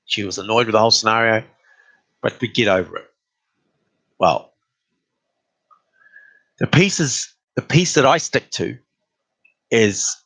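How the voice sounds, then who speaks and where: A man telling a story about an argument in a casual, exasperated way. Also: no room sound. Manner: animated, exasperated retelling with rising pitch.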